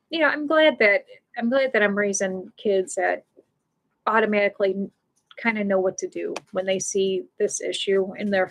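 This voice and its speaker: Rambling middle-aged woman hosting a livestream. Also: medium pitch. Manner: rambling, restarts a lot, laughs often. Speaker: pet loss support livestream host. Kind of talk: casual livestream chat.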